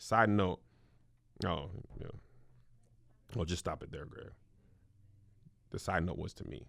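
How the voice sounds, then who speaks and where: A man hosting a comedic advice show, reading viewer letters aloud and then riffing on them with loud mock outrage. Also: low voice, unhurried, gravelly, pauses often, dry recording. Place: small studio.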